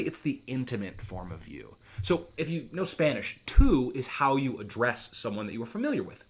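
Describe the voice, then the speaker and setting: A man's voice: medium pitch, a bit bright, slightly rough. A man teaching a class, reading verse aloud and then explaining it in a casual, patient way. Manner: reads verse aloud then paraphrases it, with fillers.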